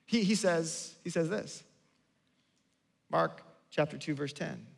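Animated high-voiced male pastor preaching. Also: slow pace, gravelly, slightly rough. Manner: conversational, animated, with repeated restarts and acted-out quotes. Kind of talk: sermon. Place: church sanctuary.

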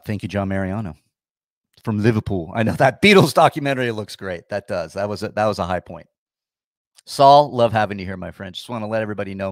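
A man's voice: lowish voice, dry recording, studio quality. A man hosting a casual livestream, chatting with viewers in a sarcastic, grumpy way. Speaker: livestream host.

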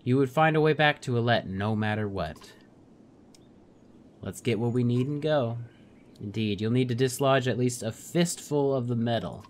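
A man voicing a calm, wise mystic woman in a game, reading her lines in a slow, measured, solemn way. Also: mid-range voice, slight background noise, lightly acted. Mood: earnest.

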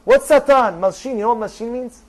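Rabbi, man, very high-pitched voice, emphatic preacher who hammers points with repetition. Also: brisk, poor audio. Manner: animated, emphatic, repeats phrases. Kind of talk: sermon.

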